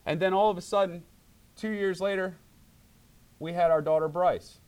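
A middle-aged man preaching a sermon to his church, animated and acting out voices when he quotes people. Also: high voice, normal speed, smooth. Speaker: pastor.

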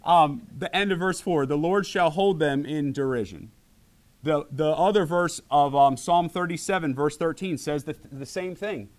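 Animated male pastor preaching. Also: on the high side, moderate pace. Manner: animated, acts out voices in quotes. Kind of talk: sermon.

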